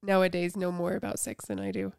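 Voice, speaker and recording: A woman's voice: lowish voice, very animated, brisk, vocal fry, a little mellow, smooth, dry recording, clean studio sound. A woman in her thirties co-hosting a podcast, reading listener stories aloud and laughing along. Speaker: podcast co-host. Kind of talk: casual chat.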